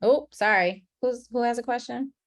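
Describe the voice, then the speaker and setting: A woman leading an online class on a video call, talking in a relaxed, chatty way and laughing at her own slips. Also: on the high side, normal speed, crowd noise. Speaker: class facilitator.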